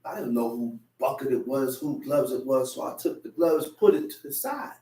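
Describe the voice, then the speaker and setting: A man's voice: mid-range voice, lively intonation, moderate pace, mellow. A man preaching a sermon, telling a personal story and acting out the voices in it. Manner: storytelling, acts out voices in quotes. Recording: echoey room, mic at a distance.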